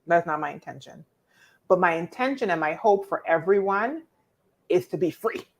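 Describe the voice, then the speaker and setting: A woman, hosting a casual live-stream coaching talk, reading viewer comments and answering them in an expressive, preacherly way. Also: on the low side, normal speed, heavy background noise. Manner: expressive and preacherly, teasing viewers by name, emphatic repetition.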